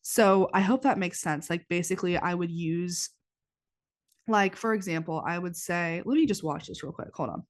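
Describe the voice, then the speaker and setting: A woman's voice: fairly low pitch, moderate pace. A twenty-year-old woman hosting a podcast, talking in a rambling, casual confessional way with lots of "like", her nose stuffy after crying. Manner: rambling, heavy use of "like", frequent restarts. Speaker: podcast host. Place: indoors, warm room.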